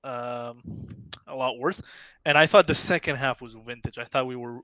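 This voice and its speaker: Smooth-voiced enthusiastic football fan. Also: male voice, medium pitch, moderate pace, pushed and bright, dry recording. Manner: enthusiastic, opinionated. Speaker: guest fan. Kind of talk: casual match analysis.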